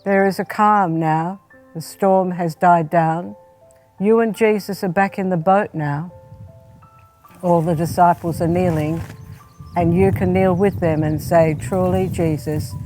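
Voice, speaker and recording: A woman, a spiritual director, gently leading a guided prayer meditation and speaking straight to the listener. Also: on the low side, steady tone, faint music behind. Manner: gentle, unhurried, second-person guidance.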